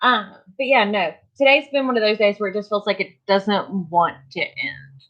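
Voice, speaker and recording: A tired, yawning woman hosting a casual livestream, chatting slowly and greeting viewers by name. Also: mid-range voice, lo-fi sound. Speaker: livestream host of a vinyl crafting channel.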